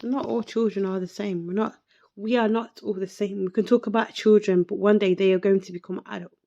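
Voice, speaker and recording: Woman podcaster, emotional and reflective, unhurried, raspy fry in her voice. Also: mid-range voice, fairly even intonation, mellow, highs cut off. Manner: slow, reflective, repeats herself. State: emotional, close to tears. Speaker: podcast host. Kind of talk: emotional personal monologue.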